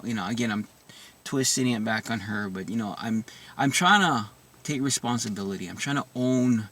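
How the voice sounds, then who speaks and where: A man talking through his own marriage struggles in a halting, reflective monologue, full of restarts and soft asides. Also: on the low side, far from the mic. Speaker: vlogger sharing personal experience.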